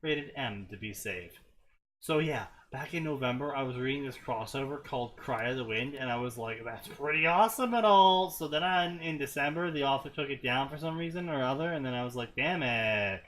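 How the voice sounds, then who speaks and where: A man's voice: medium pitch, brisk, hardly any pauses, a bit bright, slight background noise, low-quality recording. A man co-hosting a casual stream, reading fanfiction aloud in a mock valley girl voice. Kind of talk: casual chat.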